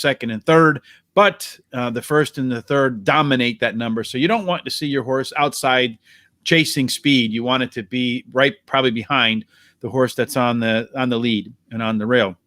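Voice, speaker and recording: Bright-voiced man giving racing picks. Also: medium pitch, no echo, clean studio sound. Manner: brisk, analytical, addresses co-host by name. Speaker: racing handicapper host. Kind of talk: horse racing preview analysis.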